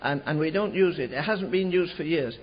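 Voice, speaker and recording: A man preaching a sermon, telling a revival story in an animated way, slowing and rising for emphasis. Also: on the high side, slightly rough. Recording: dull lo-fi recording.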